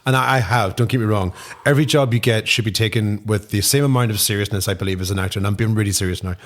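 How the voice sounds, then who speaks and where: An Irish man chatting as a podcast guest, animated and swearing freely, dropping into quick impressions. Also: on the low side. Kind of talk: casual chat.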